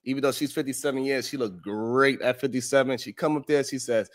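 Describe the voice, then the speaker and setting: A man's voice: mid-range voice, brisk. A man hosting a live talk show, recapping the week's stories with jokes, frequent laughter and mocking quoted voices. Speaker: show host. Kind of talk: comedic recap of the week's shows.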